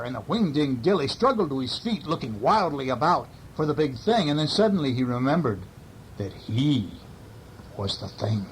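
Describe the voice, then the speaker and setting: A man's voice: on the high side, very animated, fairly quick, slight background noise, poor audio. A man reading a bedtime story to a child, with casual, chatty asides to the listener.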